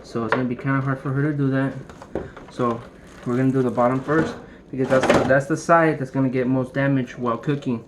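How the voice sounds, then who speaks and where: A young man casually showing how to prep a brisket at home, rambling and cracking jokes as he works. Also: medium pitch, steady tone. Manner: joking, rambling, swears casually. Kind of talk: casual cooking demonstration. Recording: noisy room ambience.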